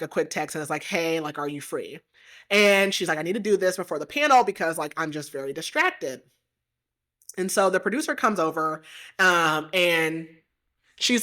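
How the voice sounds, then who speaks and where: Woman host, slightly low register, casual and animated book recap. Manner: animated retelling with frequent "like" fillers. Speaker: podcast host.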